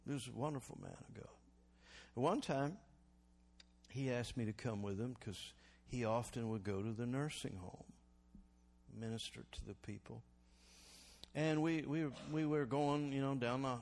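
A medium-pitched man preaches as a pastor, drawing responses from the congregation. His sermon swings between loud exhortation and quieter reflection.

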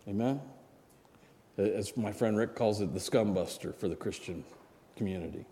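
A man's voice: fairly low pitch, normal speed, dark tone, a little hiss or hum. A man in his sixties preaching a sermon and telling a personal story in a conversational way, now and then asking the congregation for an amen. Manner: conversational, asks the congregation for amens. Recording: long hall reverb.

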